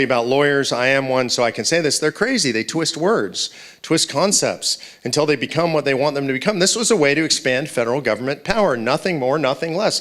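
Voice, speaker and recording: A man's voice: mid-range voice, a bit bright. A man giving a conversational, emphatic lecture to university students, with many rhetorical questions. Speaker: speaker at a political event.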